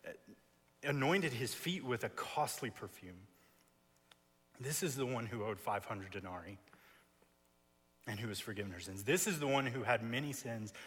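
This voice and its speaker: Male preacher, husky mid-range voice, emphatic expository sermon, long chapel reverb. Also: medium pitch, fairly bright tone. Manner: emphatic, builds with repeated phrases. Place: seminary chapel.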